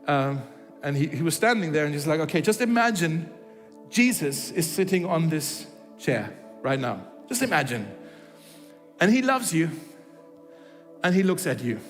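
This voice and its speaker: A man's voice: fairly high pitch, big pitch swings, normal speed, long reverb tail, soft background music. A man preaching a sermon, telling a story and acting out its dialogue, with frequent restarts. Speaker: pastor. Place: church hall.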